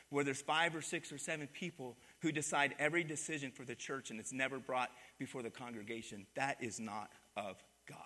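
A medium-pitched man with a sharp tone preaches in a church sanctuary, his voice ringing in a large hall. As pastor, he uses call-and-response, prompting the congregation to reply and repeat his words.

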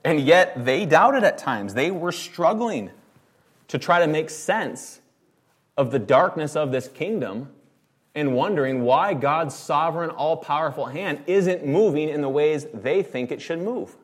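A man's voice: a little high, lively intonation, unhurried, slightly rough. A man preaching a sermon in an emphatic, conversational way, often asking the congregation rhetorical questions. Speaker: pastor.

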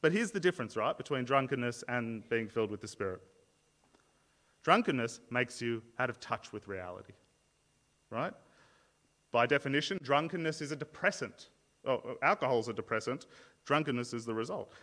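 A man's voice: mid-range voice, expressive, brisk, a bit bright. Earnest male preacher in a reverberant hall. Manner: earnest, explanatory, frequent word repeats and restarts. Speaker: pastor. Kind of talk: sermon.

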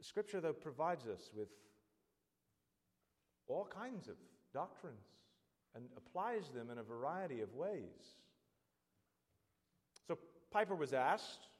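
A man preaching a sermon, earnest and building to loud, emphatic exhortation. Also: a little high, big pitch swings, takes it slowly, long pauses, big-room sound.

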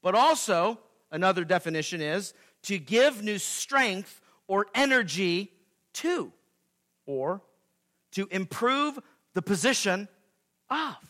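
A man preaching a sermon as pastor, swinging between loud emphatic peaks and quiet asides, repeating key phrases. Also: sing-song, takes it slowly. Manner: dramatic swings in pitch and loudness, emphatic repetition.

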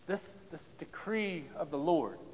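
A man delivers a sermon in a fairly high voice. He preaches with emphasis, then drops to near-whispers to drive a point home. His words ring out in a long reverberant hall. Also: expressive, slow. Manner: emphatic, drops to hushed tones for stress.

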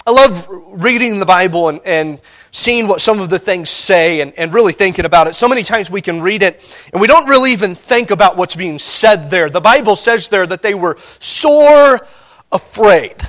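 A man preaching a sermon, animated and emphatic, stopping often to check in with listeners. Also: sits high, moderate pace. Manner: animated, emphatic, frequent restarts and rhetorical "all right?". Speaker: pastor.

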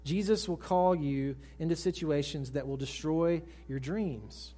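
A man preaching a sermon with a fairly high voice. He talks straight to the congregation with questions, then drops to a soft hush for the tender lines. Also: unhurried, soft background music. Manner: swings from raised emphatic lines to hushed soft ones; asks the congregation direct questions. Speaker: pastor. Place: church service with congregation.

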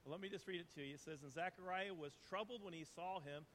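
Male pastor, earnest conversational preaching, somewhat raised pitch, faint low rumble in the recording. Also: fast talker, fairly bright tone. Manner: earnest, reads scripture aloud, conversational asides. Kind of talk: sermon.

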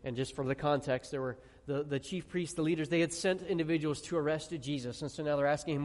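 A man preaching a sermon, emphatic, asking the audience questions and dropping quiet on key words. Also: fairly high pitch, steady tone, quick pace, few pauses. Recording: long reverb of a large hall.

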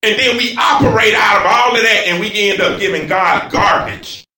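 A man preacher delivering a fervent sermon in a church, moving between shouts and hushed passages. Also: high-pitched, normal speed. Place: church sanctuary. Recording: echoey church from far off.

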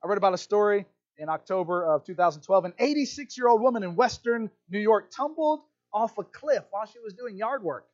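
A pastor preaches a sermon in a high, brisk voice, telling animated stories and acting out little voices. The recording sounds muffled.

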